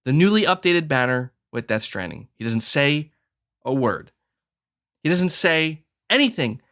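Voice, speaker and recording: A man hosting a gaming podcast, talking in a casual, animated rant and acting out quoted people. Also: high voice. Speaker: podcast host.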